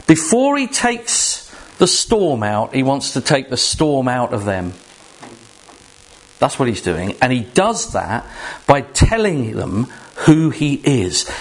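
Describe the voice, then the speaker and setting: A man preaching a sermon to a congregation, emphatic and animated, with rhetorical questions and asides to the room. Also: mid-range voice. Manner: jokes directly with the congregation.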